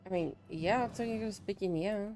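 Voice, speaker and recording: A giggly young woman chatting casually to her viewers while she plays a video game. Her voice sits at an ordinary middle pitch. A faint hum of background noise runs under her talk. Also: fairly quick, a little mellow. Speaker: streamer. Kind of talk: casual gameplay commentary.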